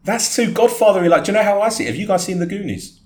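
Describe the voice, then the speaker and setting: A man's voice: high voice, very fast. A man co-hosting a football podcast in casual chat, joking and laughing as he riffs. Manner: laughing, animated when joking. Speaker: podcast co-host. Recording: echoey room with faint noise.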